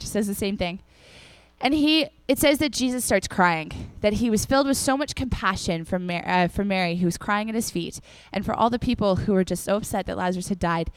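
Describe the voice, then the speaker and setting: A young woman with a clear, resonant, mid-range voice preaches briskly, and there's no echo. Addressing her congregation in a casual, chatty way, she brings her stories alive by acting out the people in them.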